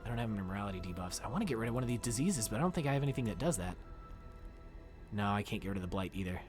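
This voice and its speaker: A man streaming a video game, talking casually with his viewers in a loud, jokey, excitable way. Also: lowish voice, racing, over music. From United States. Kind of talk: casual live-stream commentary. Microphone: desk microphone.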